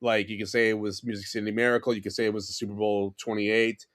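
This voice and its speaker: A man in his forties from New York City, a podcast guest telling rambling, animated stories in casual chat with lots of fillers and restarts. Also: on the low side, fast.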